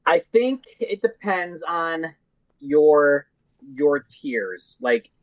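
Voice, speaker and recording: Podcast guest guy, kinda slightly high voice, halting, dry close sound. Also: very animated, no echo, poor audio. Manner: hesitant, halting, with many fillers and restarts. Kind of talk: casual fantasy football chat.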